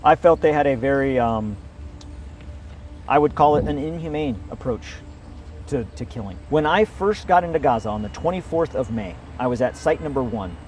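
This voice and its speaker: A man's voice: mid-range voice, expressive, moderate pace, darkish tone, a little hiss or hum. A middle-aged man, a military veteran, speaks earnestly in an interview, repeating phrases as he explains. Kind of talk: sit-down interview.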